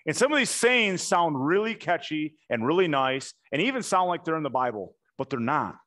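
A man preaching a sermon, telling the story with animated emphasis and slowing down hard on key points. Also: a little high. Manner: animated storytelling, acts out quotes, emphatic slow punchlines.

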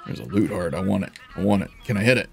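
Excitable gravelly man streaming a game. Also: deep voice, quick pace. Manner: excitable, laughs often, jokey. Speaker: gaming streamer. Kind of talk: casual gameplay commentary.

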